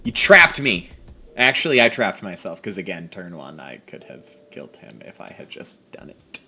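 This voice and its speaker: A man's voice: deep voice, sing-song, normal speed, pushed and bright. A man giving casual, self-mocking commentary while playing a card game, dropping to mutters and jumping to outbursts. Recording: faint music behind.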